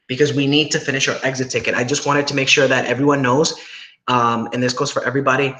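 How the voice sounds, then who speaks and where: A young man with a mid-range, fairly bright voice teaches an online class over a video call, walking through each step and frequently asking "right?" to make sure students follow. The room is echoey, with faint noise.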